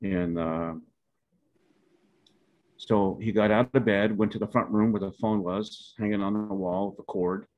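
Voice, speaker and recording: A man's voice: on the low side, steady tone, a little slow, long pauses. A man, telling a meandering, folksy family story from his life and correcting himself as he goes. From Pawnee, Oklahoma. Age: 70s. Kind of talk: personal storytelling. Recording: dull lo-fi recording.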